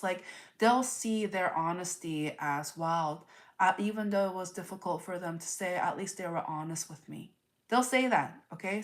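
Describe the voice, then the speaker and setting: A woman giving a live tarot reading, earnest and repetitive, full of rhetorical questions. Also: fairly low pitch. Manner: earnest, repeats herself, asks rhetorical questions. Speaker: tarot reader.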